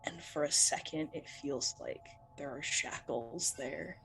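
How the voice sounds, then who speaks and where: A woman narrating a tabletop game as game master, telling the story slowly and deliberately. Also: deep voice, creaky, fairly bright tone, faint music behind, low-quality recording.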